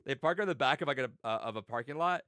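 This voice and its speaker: A man co-hosting a podcast, telling a story in casual chat, swearing a lot and acting out quotes with loud yelled voices. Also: mid-range voice, animated, fast, no room sound. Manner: swears freely, many fillers. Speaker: podcast co-host.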